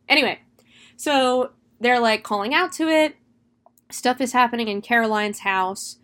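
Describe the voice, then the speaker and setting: A young woman casually recapping a horror film, chatty and animated, swearing freely. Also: on the high side, unhurried. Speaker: movie reviewer.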